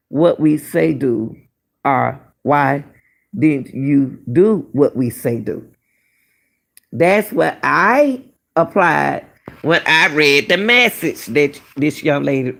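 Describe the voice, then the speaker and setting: Slow, gravelly middle-aged woman commentator. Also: sits low, a bit bright. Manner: emphatic, repeats phrases, fires rhetorical questions. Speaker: commentary channel host. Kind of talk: casual commentary on a missing-person case.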